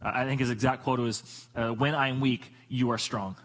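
A middle-aged man preaching a sermon in an animated, joking storytelling manner. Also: moderate pace, husky, rough recording. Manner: animated, jokey storytelling with sudden pitch jumps. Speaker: pastor.

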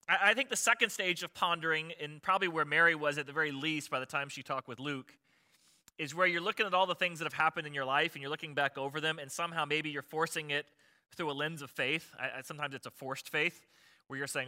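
A man's voice: high voice, fairly quick, sharp tone. A man preaching a conversational sermon as a pastor, chatty and often asking his listeners rhetorical questions.

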